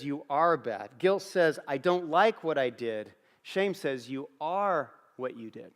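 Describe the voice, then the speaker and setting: A middle-aged man preaches with an earnest, storytelling manner, his voice sitting a bit higher than most men's. His words ring out through a large hall with a long reverb. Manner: earnest, storytelling with repeated phrases. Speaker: pastor. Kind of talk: sermon. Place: church auditorium.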